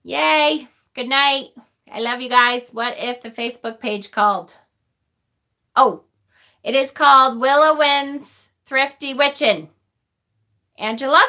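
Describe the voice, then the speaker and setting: A middle-aged woman hosting a casual livestream, talking to viewers in a halting, emotional way and often breaking off mid-sentence. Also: on the high side, sharp tone. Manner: emotional, thanking viewers, halting and self-interrupting. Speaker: livestream host.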